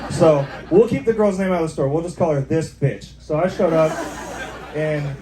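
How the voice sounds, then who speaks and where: A man's voice: a little high, moderate pace, crowd noise. A young man doing a stand-up set in a bar, rambling casually and tossing in lots of "like" and "right?". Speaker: stand-up comedian. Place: bar with live audience. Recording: echoey bar with background noise.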